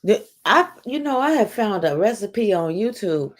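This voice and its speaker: A woman's voice: mid-range voice, big pitch swings, normal speed. A woman hosting a casual livestream, chatting playfully with a guest and laughing often. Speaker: livestream host.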